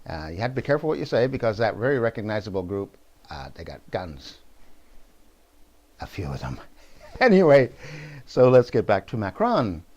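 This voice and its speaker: A man's voice: on the low side, sing-song, normal speed, long pauses, darkish tone, highs cut off. A man from New Brunswick, talking in a rambling, digressive and opinionated way in a casual political monologue to camera. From New Brunswick, Canada. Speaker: vlogger.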